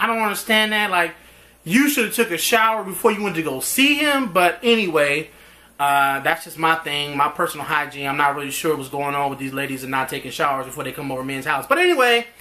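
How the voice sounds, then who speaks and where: Male reviewer, lively casual recap, bright voice, acts out the characters' lines. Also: high-pitched. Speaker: TV show reviewer.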